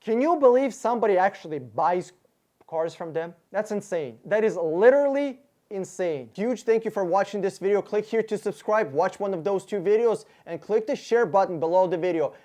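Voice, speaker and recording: A man's voice: high-pitched, expressive, normal speed, mellow. A man hosting his car-buying channel, ranting angrily and sarcastically while working out costs aloud, swearing freely and often stumbling over his words. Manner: angry, profane, sarcastic, thinks aloud through sums. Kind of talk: casual rant to camera.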